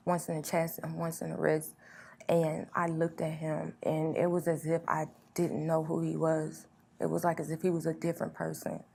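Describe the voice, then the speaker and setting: A woman sharing a personal testimony as an interview guest, earnest and quietly reflective. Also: low-pitched, vocal fry. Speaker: guest sharing her story.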